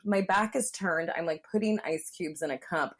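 A woman with a somewhat low voice tells a candid personal story on a podcast. She keeps things loose and chatty, scattering fillers and putting on the voices of people in her story. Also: moderate pace. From Southern California. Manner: candid, frequent "like" fillers, acts out quotes. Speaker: comedian guest.

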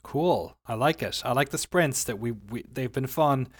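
A man in a casual podcast chat, with a medium-pitched voice. He trades quick, joking quips with his co-host and talks easily through race thoughts. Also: lively intonation, slightly rough.

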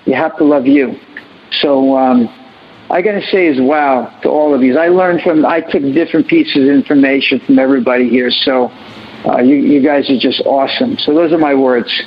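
Husky guy, kinda high voice, earnest educator on a panel, repeats himself, muffled sound. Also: normal speed. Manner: earnest, preachy, repeats phrases. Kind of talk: impassioned panel remarks.

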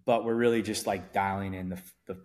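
A man with a fairly low voice talks loosely on a podcast. He rambles, restarts his sentences and leans on fillers, easygoing throughout. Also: steady tone, fairly quick, darkish tone. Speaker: event promoter guest. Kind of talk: casual podcast interview.

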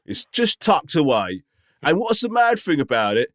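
Teasing man, lively pitch. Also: moderate pace, no room sound, clean studio sound. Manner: teasing, mock-scolding banter. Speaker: podcast co-host. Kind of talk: casual chat.

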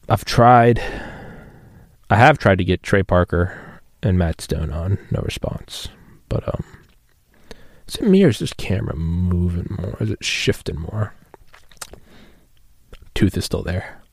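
A man's voice: low voice, expressive, slow pace, gravelly, long pauses, no echo. A man in his thirties hosting a solo podcast, rambling and profane and mocking himself as he talks. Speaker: podcast host.

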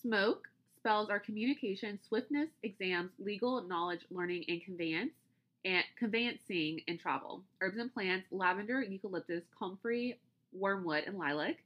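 A mid-range female voice at normal speed, with the highs cut off, belongs to a casual podcast host. She reads long lists item by item and then explains loosely, with restarts along the way.

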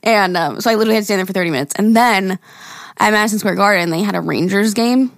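A woman's voice: mid-range voice, fast, no echo, studio quality. A young woman, co-hosting a podcast and telling a story in casual chat, acting out quotes and swearing freely. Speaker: podcast co-host.

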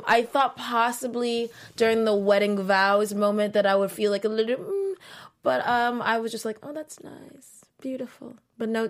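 A woman co-hosting a casual chat about a TV show, giggly and easygoing, quoting people in an animated way. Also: a little high. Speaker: podcast co-host.

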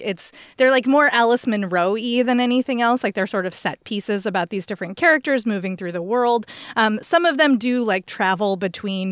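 A woman's voice: on the high side, a bit bright, clear, resonant tone, no echo, clean studio sound. A woman co-hosting a book podcast, recommending novels in a rambling, enthusiastic way. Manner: rambling, enthusiastic, restarts sentences. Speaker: podcast co-host. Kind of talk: casual book chat.

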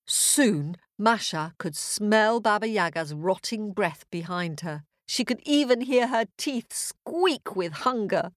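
A woman storyteller narrating a fairy tale for children, expressive and with chanted sound effects. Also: medium pitch, slow, hardly any pauses, dry recording, studio quality.

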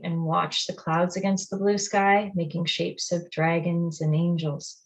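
Woman quietly telling a personal memoir. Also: on the low side, rough recording. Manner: quiet, reflective, present-tense narration. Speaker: storyteller. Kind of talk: first-person memoir storytelling.

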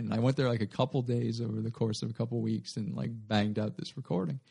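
A man's voice: mid-range voice, steady tone, quick pace, creaky, few pauses, a little mellow, husky. A young adult man, a guest comedian, telling a rambling story in a casual interview and often correcting himself mid-sentence.

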